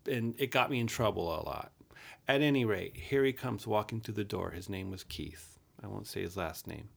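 A man in his fifties with a low, gravelly voice that crackles with fry. He recounts a painful chapter of his youth in a frank, earnest way. He swears casually as he talks. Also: moderate pace. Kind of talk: candid personal storytelling.

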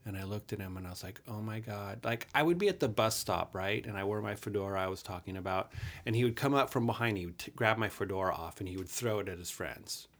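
A man in his fifties with a low, gravelly voice that crackles with fry. He recounts a painful chapter of his youth in a frank, earnest way. He swears casually as he talks. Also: fast, few pauses. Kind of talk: candid personal storytelling.

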